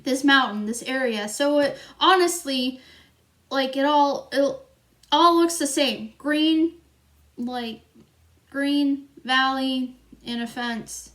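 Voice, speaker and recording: Slow, high-voiced young woman vlogger. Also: fairly bright tone. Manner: chatty, rambling, giggly, lots of filler. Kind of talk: storytime vlog.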